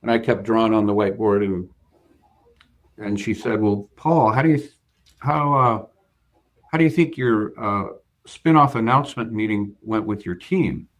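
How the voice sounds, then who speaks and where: A guest being interviewed, this bank finance executive earnestly relates a work story, hesitating with frequent fillers and repeated starts. His voice sits at a fairly low pitch and a moderate pace.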